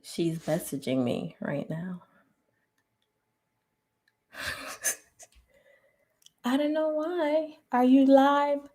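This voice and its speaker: A woman's voice: high voice, very animated, slow, few pauses, warm tone. A woman hosting a casual live-stream chat, laughing often, greeting viewers by name and dropping to a near whisper for asides. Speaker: host of a live relationship podcast.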